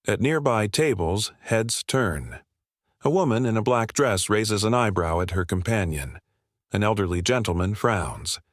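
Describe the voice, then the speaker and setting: Low, dry male story narrator. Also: dry recording.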